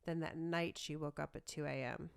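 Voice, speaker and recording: A woman's voice: deep voice, normal speed, creaky, clean tone. A woman co-hosting a podcast, chatting casually and reading a story aloud. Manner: reads a story aloud with small laughs and restarts. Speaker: podcast co-host.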